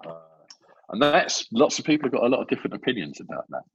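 Man telling lively anecdotes. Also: medium pitch, fast, gravelly, background noise. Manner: lively storyteller who acts out quoted voices. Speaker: film assistant director guest. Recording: dull, dry lo-fi audio.

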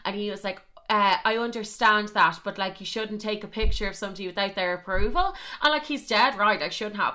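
A woman's voice: medium pitch, pushed and bright. A young woman podcast host telling a story in a chatty, self-mocking way and swearing a lot. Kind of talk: casual storytelling monologue.

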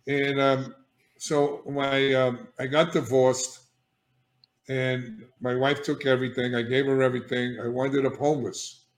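An older man recounts his own past with blunt, emphatic energy, stopping to check in with his listener and restarting his sentences as he goes. His voice sits at an ordinary middle pitch. The room around him rings with a noticeable echo. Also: unhurried. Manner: animated and emphatic, frequent restarts and "all right?" check-ins. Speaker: guest, addiction therapist. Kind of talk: candid personal storytelling. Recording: echoey room.

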